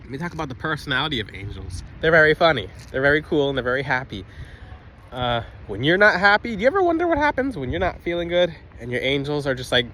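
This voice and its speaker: A man's voice: a little high, sing-song, fast, bright, forceful tone, slight background noise. A man casually talking to a phone camera outdoors, emphatic and rambling, with frequent restarts. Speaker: spiritual video host.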